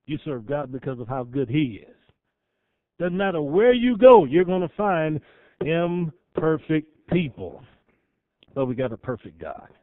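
A man with a fairly high voice preaches a sermon, swinging from loud, emphatic peaks down to hushed, slow phrases. The sound is thin and phone-like, with a dry, close feel. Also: big pitch swings, no room sound. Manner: swells loud then drops soft, dramatic pauses. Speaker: pastor.

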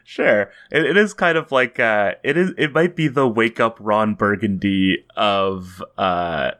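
Canadian guy cohosting a podcast, lowish voice, dry jokes, laughs a lot. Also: measured pace, a bit bright. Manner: dry, joking, laughs often. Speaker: podcast co-host. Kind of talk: casual podcast banter.

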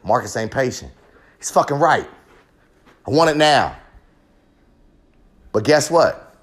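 A podcast host speaks slowly in an expressive, mid-range voice. He delivers a raw, profane, rambling confessional monologue with genuine passion.

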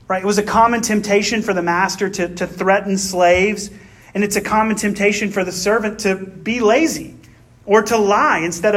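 High-voiced man preaching a casual sermon. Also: fairly bright tone. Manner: chatty, tag questions and personal anecdotes. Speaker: pastor. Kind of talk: conversational sermon.

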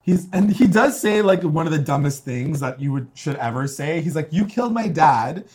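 A woman's voice: sits low, moderate pace, darkish tone, breathy edge. A woman co-hosting a casual chat, animatedly retelling a story and acting out quotes in shifting voices. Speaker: podcast co-host recapping a TV episode.

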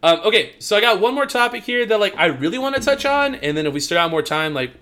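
A man's voice: high-pitched, expressive, quick pace, sharp tone. A young man co-hosting a casual podcast, rambling and swearing, filling his talk with "like.". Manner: rambling, profane, heavy use of "like". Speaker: podcast co-host.

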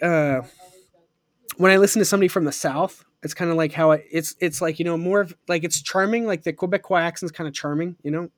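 A man's voice: a little high, dry recording, clean studio sound. A young man in his twenties hosting a podcast, chatting casually and enthusiastically with lots of fillers and rambling asides. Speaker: podcast host. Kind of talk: casual chat.

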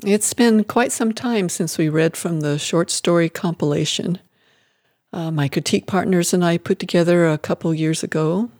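A chatty host sets up a short story in a relaxed, conversational way. The voice sits at a middle pitch, recorded dry and close with no room sound. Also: normal speed, dry recording. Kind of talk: casual introduction and reading.

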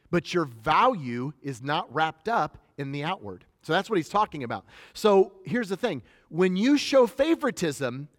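A man's voice: fairly high pitch, fairly bright tone, clean studio sound. Emphatic male pastor in a reverberant hall. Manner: conversational, emphatic preaching with storytelling. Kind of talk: sermon.

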